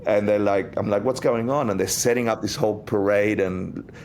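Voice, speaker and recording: A man, a guest on an interview podcast, telling a personal story in a lively way and acting out the voices in it. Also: lowish voice, brisk, slight background noise. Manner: animated storyteller, acts out quotes. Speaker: interview guest, Buddhist teacher.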